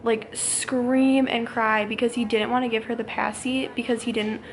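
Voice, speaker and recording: A woman in her twenties and a young mother, ranting casually to camera in a fast, rambling way full of "like". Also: fairly high pitch, little pitch movement. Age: 20s.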